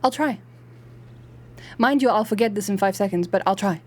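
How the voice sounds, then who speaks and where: A woman's voice: medium pitch, moderate pace. A woman chatting animatedly while streaming a video game, swearing and laughing a lot. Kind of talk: live game stream chat.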